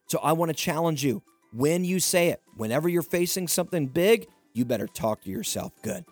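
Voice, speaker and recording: A man's voice: fairly high pitch, animated, a little fast, few pauses, no echo, faint music behind. A man hosting a podcast, speaking earnestly and emphatically in a motivational talk, repeating his points to urge the listener on. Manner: earnest, emphatic, repetitive exhortation. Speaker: podcast host.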